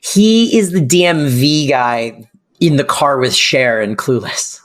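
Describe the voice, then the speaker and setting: A podcast co-host with a mid-range voice chats casually about a sitcom. The talk is enthusiastic, full of quick agreeing replies and eager trivia. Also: mid-range voice. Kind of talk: casual recap chat.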